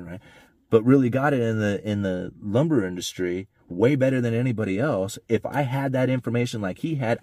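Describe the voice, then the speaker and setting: A man with a fairly low voice talks through his thoughts in a loose, rambling way. He keeps checking in with "right?" and "you know" as he goes. The sound is dry and close, with no room around it. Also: mellow, no room sound. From United States. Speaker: economics commentator. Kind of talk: casual monologue.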